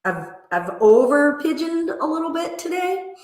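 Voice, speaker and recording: A woman's voice: high voice, very animated, normal speed. A woman taking a private yoga class, chatting candidly and good-humouredly about how her body feels. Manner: chatty and candid, laughing at herself. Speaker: yoga student. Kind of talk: casual chat. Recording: roomy echo.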